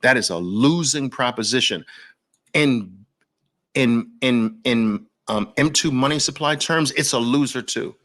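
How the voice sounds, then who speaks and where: In a mid-range, slightly bright voice at a measured pace, a Brooklyn-accented host gives a fervent, preachy talk to camera. Repetition is his tool for hammering each point home.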